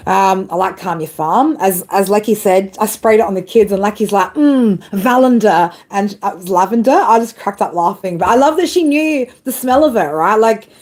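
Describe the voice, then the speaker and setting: A woman's voice: medium pitch, normal speed, hardly any pauses, darkish tone, low-quality recording. A woman chatting casually during a live tarot reading, laughing often and tagging "right?" onto her sentences. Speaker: tarot reader. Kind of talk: live-stream reading chat. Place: outdoors.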